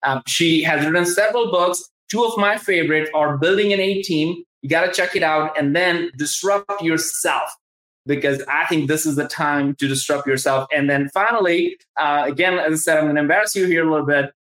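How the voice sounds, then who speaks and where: Male host, Southern accent, excitable and rambling, live-stream chat on a video call. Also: a little high, a little fast. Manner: enthusiastic, rambling, many restarts and fillers. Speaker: podcast host. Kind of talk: casual live-stream interview. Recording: roomy, echoey room sound.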